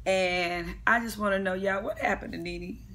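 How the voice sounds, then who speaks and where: A brash woman vlogger chats through a reality TV recap in a loose, comedic way. She swears freely, laughs as she goes, and slips into other people's voices to act out their lines. Her voice sits at an ordinary middle pitch. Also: steady tone, moderate pace, a bit bright. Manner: brash, profane, laughing, acts out quotes.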